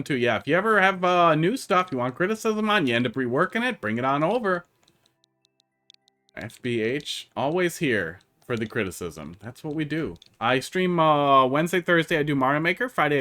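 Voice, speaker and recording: Soft music plays behind this streamer, a man with a Wisconsin accent who keeps up casual commentary while gaming and answering chat. His voice is fairly high and sing-song, a little fast, with a pushed, bright quality.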